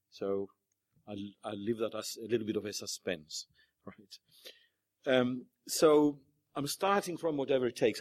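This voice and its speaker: A man's voice: medium pitch, dry recording. A man giving an academic presentation at a panel, hesitant with many fillers and restarts. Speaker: panel speaker.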